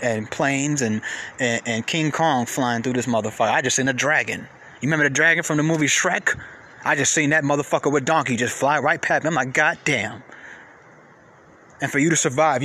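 A man hosting a podcast, ranting casually in a profane, repetitive way, with sudden jumps in pitch. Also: bright, forceful tone. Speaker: podcast host. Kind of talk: casual rant.

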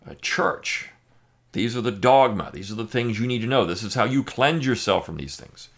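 A man's voice: lowish voice, animated, fairly quick. A man hosting a podcast, giving an emphatic, sarcastic opinion monologue with frequent fillers. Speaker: podcast host.

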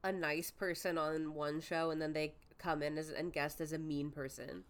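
A woman's voice: sits low, little pitch movement, normal speed, clean tone. A woman co-hosting a podcast, chatting with enthusiasm about a TV episode and laughing often. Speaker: podcast co-host. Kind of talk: casual chat recapping a TV episode.

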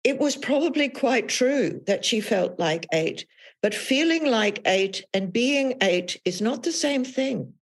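A woman author as an interview guest, talking thoughtfully about her experiences in a measured, reflective way. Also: on the high side, expressive. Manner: thoughtful, measured, with frequent restarts. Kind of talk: reflective podcast conversation.

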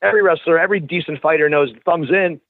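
Guy in his 40s, swears a lot, animated storyteller, tinny phone sound. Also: fairly high pitch, fast, no room sound. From Canada. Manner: profane, animated, restarts words. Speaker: podcast guest, wrestler. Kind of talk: casual storytelling chat.

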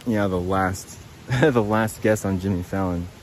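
Man with a lowish voice, podcast host rambling solo outdoors, swears freely, self-mocking, faint outdoor noise behind him. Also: a little slow, poor audio. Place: outdoors by a creek.

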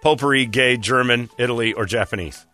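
A man's voice: medium pitch, brisk, pushed and bright, faint music behind. A man hosting a quiz game on a radio show, joking and teasing the players and laughing often. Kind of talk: casual radio banter.

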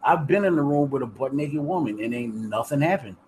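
A man's voice: mid-range voice, lively intonation, brisk, a crowd in the background, low-quality recording. A man co-hosting a casual chat, skeptical, often mumbling and trailing off. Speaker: podcast co-host.

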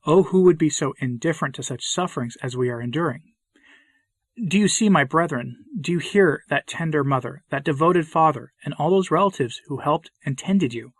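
Husky-voiced man preaching a solemn sermon. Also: on the high side, normal speed, dry recording. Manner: solemn, impassioned pleading. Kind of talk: sermon reading.

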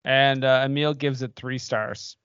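A man's voice: mid-range voice, fairly even intonation, measured pace, a bit bright, smooth, dry recording, highs cut off. A man co-hosting a casual podcast, reading listener reviews in a laid-back way and laughing along. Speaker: podcast co-host.

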